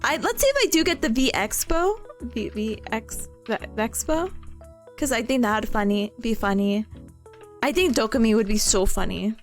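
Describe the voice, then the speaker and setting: Young female streamer, very lively high voice, giggly and stammering, casual chat over soft background music. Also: normal speed. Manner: bubbly, giggly, stammering, squeals with excitement.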